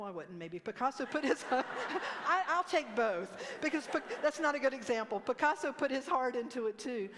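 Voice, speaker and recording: A woman's voice: medium pitch, in a large hall. A woman minister giving a conversational sermon, leading the congregation in responses and laughing at herself. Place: church sanctuary.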